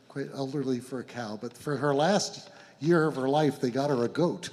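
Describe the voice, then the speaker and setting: A middle-aged man, a folk musician, telling a gentle, meandering anecdote between songs on a concert stage, chuckling as he goes. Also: medium pitch. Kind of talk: rambling onstage storytelling. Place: live concert venue stage. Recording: reverberant live hall with instruments.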